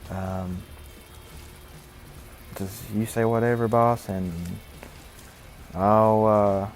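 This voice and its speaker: A man's voice: lowish voice, steady tone, extremely slow, faint music behind. A man voicing a meek, eager-to-please broke man in a story he tells over gameplay, hesitant and pleading.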